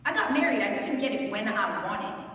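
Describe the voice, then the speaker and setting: A woman in her thirties giving a candid, animated storytelling sermon at a conference, often laughing as she talks. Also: fairly high pitch, a little fast. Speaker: conference speaker. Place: large conference hall. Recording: echoey hall from far off, noisy.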